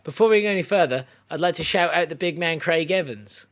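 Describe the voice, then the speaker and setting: A man's voice: on the high side, a little fast, fairly bright tone. A man co-hosting a podcast in casual banter, joking, swearing and playing mock-indignant. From United Kingdom. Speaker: podcast co-host.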